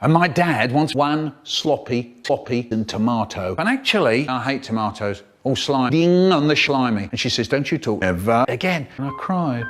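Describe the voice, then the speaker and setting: A man's voice: mid-range voice, expressive, moderate pace, few pauses, a bit bright. A man, telling comic stories in a theatrical way and jumping between voices. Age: 70s. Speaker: children's storyteller. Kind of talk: spliced comic storytelling.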